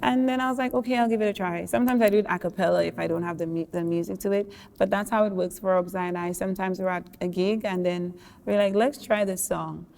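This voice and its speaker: A young adult woman, a singer, talking in a relaxed, thoughtful way during an interview and laughing often. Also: mid-range voice, fast talker, gravelly, hardly any pauses. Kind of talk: casual interview talk. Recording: long hall reverb.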